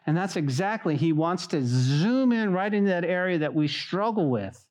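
Animated preaching pastor, man. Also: sits high, normal speed, hardly any pauses. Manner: animated, acts out mocking voices. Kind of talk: sermon.

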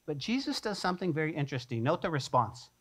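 Animated preaching pastor, a man. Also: a little high, quick pace. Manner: animated, acts out the disciples' voices. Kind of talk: sermon.

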